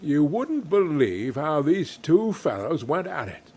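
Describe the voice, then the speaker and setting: A man reading a classic story aloud in an expressive, unhurried way with occasional wry asides. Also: a little high.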